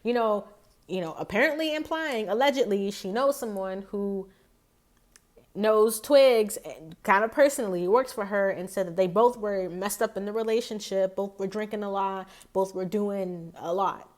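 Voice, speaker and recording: A woman's voice: medium pitch, moderate pace, a little mellow. A woman doing a casual tarot reading, talking to her viewers in a rambling, chatty way full of fillers and restarts. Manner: talks straight to viewers. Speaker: tarot reader.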